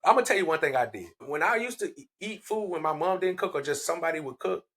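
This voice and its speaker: A man co-hosting a podcast in casual chat, blunt and profane, telling animated stories. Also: a little high, quick pace. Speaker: podcast co-host.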